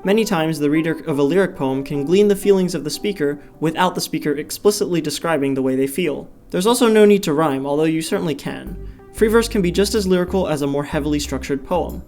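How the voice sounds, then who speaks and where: A man reading a school presentation from a script in a steady voice. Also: on the high side, fast. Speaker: student presenter. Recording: soft guitar music behind.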